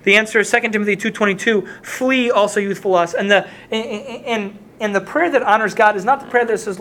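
A man's voice: high voice, fast talker, hardly any pauses, a bit bright, a little hiss or hum. Man, preacher, sermon, earnest, repeats points, quotes scripture. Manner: earnest, repetitive, quoting scripture with rising intensity.

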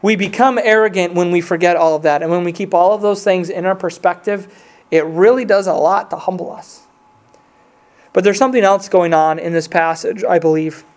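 Guy with a pretty high voice giving a sermon, earnest and chatty, leans hard into the scripture bits. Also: steady tone, brisk. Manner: earnest, conversational, with restarts and emphatic scripture reading. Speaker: pastor.

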